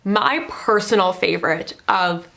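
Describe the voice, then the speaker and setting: A young woman talks through runway looks in a casual vlog. She is chatty and excitable and drops "like" into nearly every sentence. Her voice sits at a middling pitch for a woman. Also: measured pace, gravelly. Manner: chatty and excitable, full of "like" fillers. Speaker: fashion vlogger. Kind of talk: casual fashion commentary.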